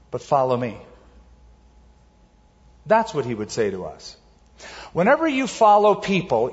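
A man preaching a sermon as pastor, emphatic, varying his pace and slowing words down for stress. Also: fairly high pitch, big-room sound, lo-fi sound.

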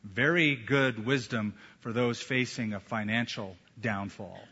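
A man preaching a sermon as a pastor, emphatic, with slow deliberate pauses. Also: mid-range voice, sharp tone, slightly rough. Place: church sanctuary. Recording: echoey hall, dull lo-fi sound.

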